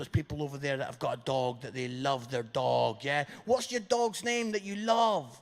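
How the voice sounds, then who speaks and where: A man's voice: on the high side, big pitch swings, normal speed. An English man preaching a humorous sermon, telling stories and asking the congregation questions. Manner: jokey, chatty, asks the congregation questions. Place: church hall. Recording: long reverb of a church hall.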